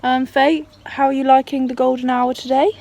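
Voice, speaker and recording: This young vlogger's voice sits high and is a little mellow, with vocal fry and a flat delivery at normal speed. She chats casually to a shaky handheld camera at home and in the garden, exclamatory and self-deprecating, with slight background noise.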